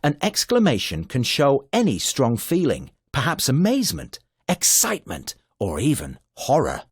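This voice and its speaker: Male narrator for a children's grammar video; slow, sing-song, husky, dry studio sound. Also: medium pitch, wildly swooping pitch, dry recording.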